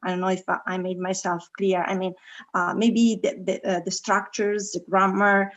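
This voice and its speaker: A woman's voice: mid-range voice, level tone, moderate pace, a bit bright, rough recording. A woman, a student in an online class, answering hesitantly and searching for words. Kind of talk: class discussion.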